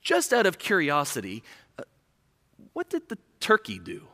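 A man's voice: fairly high pitch, wildly swooping pitch, normal speed, bright, forceful tone, full character voice. A man voicing a once rude parrot that now speaks in a formal, apologetic way. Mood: polite. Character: rude parrot turned suddenly polite. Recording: reverberant hall.

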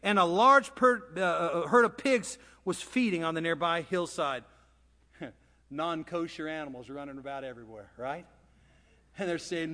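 A male preacher with a high-pitched voice telling a story in casual, conversational sermon style, swinging between hushed and emphatic lines. His voice trails off into the long reverb of a church sanctuary. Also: normal speed.

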